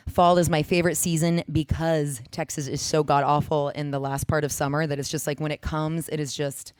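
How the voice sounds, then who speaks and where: A woman's voice: sits low, flat delivery, a little fast, clear, resonant tone, no echo. A woman chatting casually and meanderingly as she introduces a piece she is about to perform.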